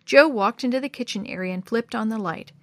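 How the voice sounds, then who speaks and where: A woman narrating a storybook in a measured, expressive way. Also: on the high side, no room sound. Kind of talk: storybook reading.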